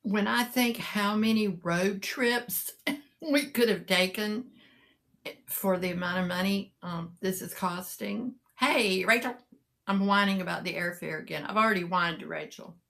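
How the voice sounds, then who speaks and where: A woman's voice: mid-range voice, measured pace, creaky, fairly bright tone. A middle-aged woman, chatting casually and rambling to live viewers, greeting them by name. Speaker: live-sale seller and vlogger.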